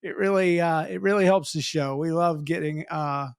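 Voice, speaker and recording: Man, high voice, teasing podcast host, dry close mic. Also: normal speed, vocal fry, smooth, dry recording. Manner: joking, teasing, chatty. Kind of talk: casual comedic chat.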